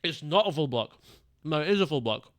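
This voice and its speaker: A young man chatting through a live game stream, profane and quick to get worked up. His voice sits a little high for a man and comes across bright and forceful, and he keeps calling his viewers "bro". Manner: profane, excitable, calls the chat bro. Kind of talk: casual live-stream gaming chat.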